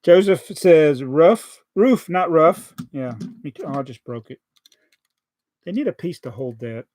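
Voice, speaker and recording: A man's voice: medium pitch, lively intonation, normal speed, dark tone. A man with a Southern American accent, chatting casually on a live stream as he builds a toy set, joking and reading out viewer comments. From Southern United States.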